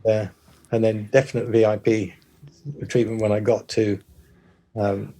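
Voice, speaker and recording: An older man from the United Kingdom, a former pilot, chatting in an interview in a hesitant, halting way with many restarts. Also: on the low side, flat delivery, dark tone. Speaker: guest, former RAF bomber pilot. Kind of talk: casual interview chat.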